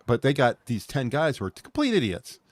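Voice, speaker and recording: A man co-hosts a podcast in loose, rambling casual chat, cracking jokes and laughing at his own asides. His medium-pitched voice swoops wildly and moves briskly, with no echo.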